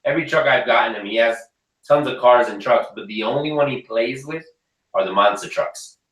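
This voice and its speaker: Brief: young male host, bright tone, animated storyteller, echoey room, a bit off-mic. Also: medium pitch, fairly quick, recorded from a distance. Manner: animated storyteller who acts out his kids' lines. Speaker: host of an RC hobby hangout. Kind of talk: casual chat.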